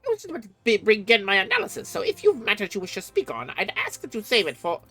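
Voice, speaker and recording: Snooty game scholar, condescending, crisp, wildly swooping pitch, rapid talk. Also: female voice, wildly swooping pitch, pushed and bright, faint music behind, full character voice. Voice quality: crisp, disdainful delivery. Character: haughty condescending scholar, sharp-tongued and superior. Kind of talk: video game voice acting.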